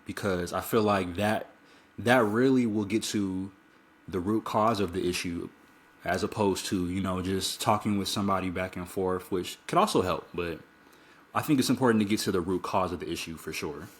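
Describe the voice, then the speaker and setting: A man's voice: low voice, normal speed. A man as a podcast guest, talking reflectively and a little hesitantly about meditation. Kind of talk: casual podcast conversation.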